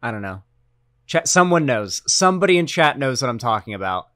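A man's voice: medium pitch, sing-song, fairly quick, fairly bright tone, no room sound, studio quality. A man streaming a video reaction, rambling loosely and talking to his chat. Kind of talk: casual commentary chat.

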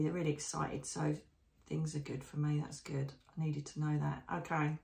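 A woman, a psychic medium narrating her visions live in a hushed, emotional, often slow and breathy way. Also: sits low, flat delivery, roomy sound. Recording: voice distant from the mic.

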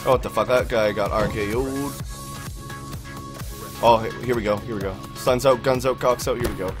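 A young man giving profane, excitable live commentary on his own gameplay, with sudden yelled outbursts. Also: mid-range voice, moderate pace, music in the background. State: out of breath. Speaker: gaming channel host.

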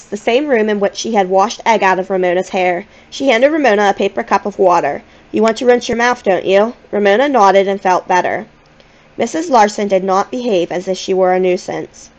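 A woman reading a children's novel aloud in a gentle, expressive storytelling manner. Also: mid-range voice, lo-fi sound. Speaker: audiobook reader.

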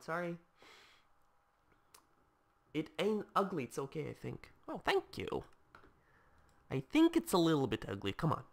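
A man giving casual let's-play commentary, reacting aloud to the game in a chatty, excitable way while attempting a put-on English accent. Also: on the high side, vocal fry. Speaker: gameplay commentator.

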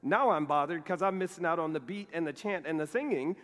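A middle-aged male pastor preaching a sermon, telling a personal story in a lively way and acting out the dialogue. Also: a little high, brisk. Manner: animated storytelling, acts out quoted dialogue. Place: large church sanctuary. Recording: long reverb of a church sanctuary.

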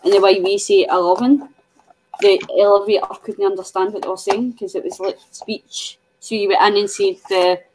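A woman's voice: mid-range voice, fairly even intonation, normal speed, noisy background. A Scottish woman hosting a crafting video, chatting casually and telling stories with a giggle. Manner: giggly, tells stories with mimicked voices. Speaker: crafting channel host. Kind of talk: casual chat while crafting.

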